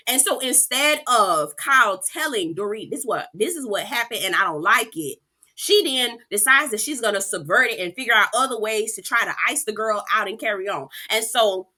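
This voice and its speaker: A woman giving a sassy, animated recap of a reality TV episode, talking straight to her viewers. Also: a little high. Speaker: reality TV reviewer. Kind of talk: casual recap commentary.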